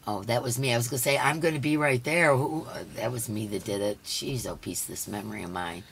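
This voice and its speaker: A hoarse woman hosting a casual live stream. She chats along and greets each viewer by name. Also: extremely low pitch, fast, slight background noise. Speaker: livestream host.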